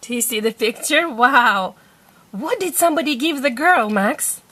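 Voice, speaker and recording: A young woman patiently teaching her small child to read, sounding out each word slowly and clearly. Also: high voice, animated, a bit bright. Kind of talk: reading lesson with a preschooler.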